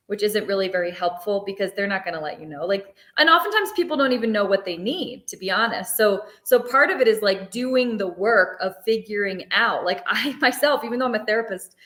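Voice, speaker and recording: A woman's voice: mid-range voice, fairly quick, fairly bright tone, roomy sound. A woman therapist talking through ideas in a casual discussion, with many filler words. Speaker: therapist guest.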